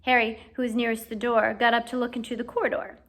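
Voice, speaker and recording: A woman reads a novel aloud in audiobook style. Her narration is clear and steady, in a fairly high voice. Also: fast. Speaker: audiobook reader.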